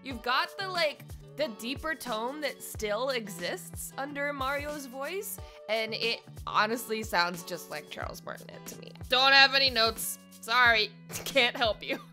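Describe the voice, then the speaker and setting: Over faint background music, a young woman impressionist casually chats about viewers' voice impressions, her voice a little high and her pace a little slow. Her critique is bubbly, animated and playful.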